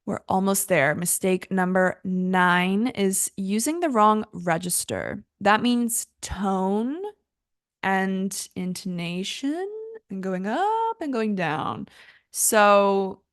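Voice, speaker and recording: A young woman teaches an English lesson in an easygoing, chatty way, often laughing at her own mistakes. Her voice sits at an ordinary middle pitch. It is recorded close and dry, with no room echo. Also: lively intonation, takes it slowly. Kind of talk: casual online English lesson.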